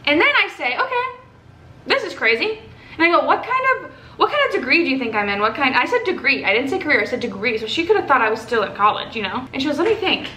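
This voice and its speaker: A young woman from Texas telling a story to camera in a casual, animated way, swearing and acting out what others said. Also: high-pitched, racing, hardly any pauses. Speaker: vlogger. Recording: echoey room with faint ambient noise.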